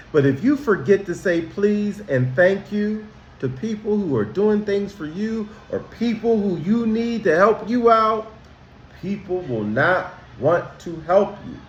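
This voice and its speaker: Man, school counselor, emphatic, questions to kids, lively pitch, roomy echo. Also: dull audio, a little hiss or hum. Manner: slow, emphatic, speaks directly to kids with questions. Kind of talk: teaching children about manners.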